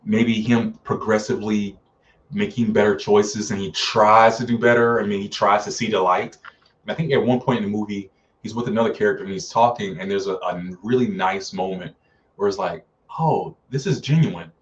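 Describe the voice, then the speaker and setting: A man with a low-pitched voice chats loosely through a live-stream film review, filling gaps with ums and acting out characters' lines. He sits back from the microphone, and the sound comes through dull and lo-fi. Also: little pitch movement, a little fast, far from the mic. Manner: chatty, many fillers, acts out characters' lines.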